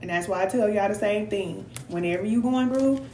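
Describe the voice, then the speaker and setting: A middle-aged woman talks to her viewers in a folksy, chatty way and laughs easily. Her voice sits at a middle pitch for a woman. The sound bounces around a roomy space, with a faint hum underneath. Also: a little fast, warm tone. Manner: chatty, folksy, reads viewers' comments aloud and laughs often. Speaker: spiritual reader and host. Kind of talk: casual live-stream talk to viewers. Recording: echoey room with faint hum.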